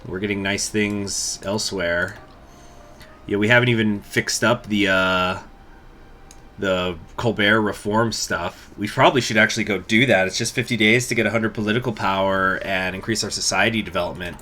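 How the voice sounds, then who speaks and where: A man's voice: fairly low pitch, steady tone, normal speed, sharp tone, a little hiss or hum. A man hosting a gaming channel, thinking aloud and muttering through let's play commentary, swearing now and then.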